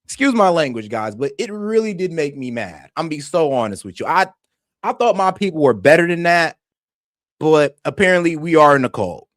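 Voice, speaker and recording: A young man hosting a reaction stream, passionate and swearing, swinging between heated outbursts and calming down. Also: a little high, brisk, dry recording, studio quality. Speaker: stream host reacting to videos. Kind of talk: heated casual commentary.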